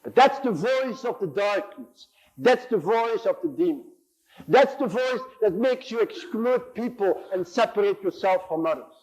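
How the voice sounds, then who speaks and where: A man's voice: high voice, darkish tone, low-quality recording. A man in his sixties giving an impassioned sermon in a church, building on repeated phrases and acting out inner voices. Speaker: preacher.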